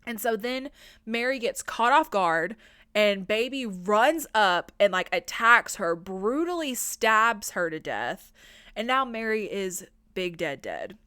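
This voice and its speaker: A woman recapping a film on her podcast in a loose, chatty way, swearing freely and leaning on filler words. Her voice is smooth and clear, and the sound is dry and close with no room around it. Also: medium pitch, expressive, slow, pushed and bright, dry recording. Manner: chatty, profane, lots of "like" fillers. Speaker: podcast host.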